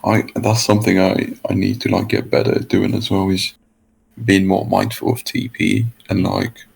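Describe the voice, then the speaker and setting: Man, very low voice, heavy vocal fry, husky, halting casual talk. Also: little pitch movement, low-quality recording. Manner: halting, many fillers. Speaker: player being coached. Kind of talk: casual coaching chat.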